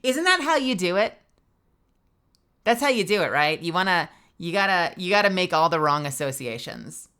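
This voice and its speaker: A woman streamer in relaxed live chat, her voice bright and sharp with a slightly low pitch. She jokes, teases herself and swears without a second thought. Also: moderate pace, clear, resonant tone. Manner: playful, self-deprecating, joking, swears freely. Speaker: livestreamer.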